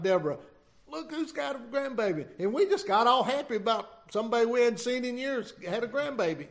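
A middle-aged man preaching an informal sermon, reading scripture and retelling it in a folksy, halting way. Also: sits high. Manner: folksy, halting, many restarts and asides.

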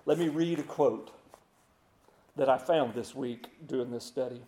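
A man preaching a sermon in a folksy way, repeating words and slowing down to hushed emphasis. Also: mid-range voice, reverberant, a little hiss or hum.

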